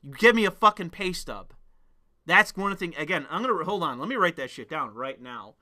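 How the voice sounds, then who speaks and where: A man's voice: a little high, lively intonation, normal speed, bright, forceful tone. A man venting in a heated, profane rant to his viewers. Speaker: vlogger. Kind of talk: ranting monologue to camera.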